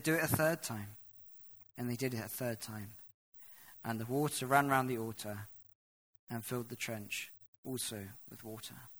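Male preacher, bright forceful tone, dramatic scripture reading, hushed asides. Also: medium pitch. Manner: dramatic, swings from hushed to loud when reading. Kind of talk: sermon reading and explaining scripture.

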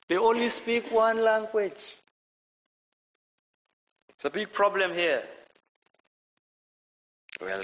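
A man preaching a lively sermon, asking the congregation questions and repeating his phrases. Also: medium pitch, rough recording. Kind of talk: lively sermon with audience participation.

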